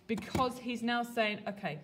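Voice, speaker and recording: A woman teaching a literature lesson to a classroom, lively and colloquial, putting questions to her students. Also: on the high side, moderate pace, a little hiss or hum. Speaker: English teacher.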